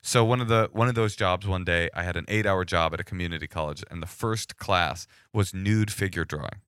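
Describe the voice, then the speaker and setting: Bright-voiced man telling animated stories. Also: deep voice, a little fast, clean tone, no room sound, studio quality. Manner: animated, acts out callers with sudden shouted bursts. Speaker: guest storyteller. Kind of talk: casual storytelling chat.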